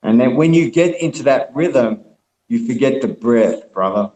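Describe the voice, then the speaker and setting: A man's voice: medium pitch, expressive, moderate pace, dark tone, reverberant, rough recording. A man, rambling in a casual group call, laid back, swearing freely and calling everyone mate and brother.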